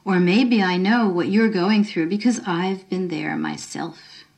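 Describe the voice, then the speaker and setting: A woman voicing a kind, unflustered middle-aged woman who talks gently and encouragingly. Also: on the low side, unhurried. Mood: gentle.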